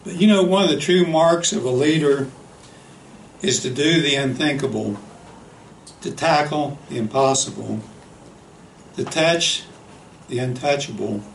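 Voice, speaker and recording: Male preacher, unhurried earnest storytelling, reverberant church hall, faint room hum. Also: mid-range voice, gravelly. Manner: slow, earnest storytelling with frequent "you know". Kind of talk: sermon. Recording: echoey hall, faint ambience.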